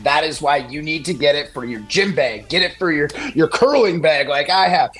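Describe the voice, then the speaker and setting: A man's voice: a little high, lively intonation, moderate pace, a bit bright, slightly rough, soft background music. A man co-hosting a sports radio show, joking and reading ads in a loose, chatty way. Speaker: co-host. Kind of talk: casual radio sports talk.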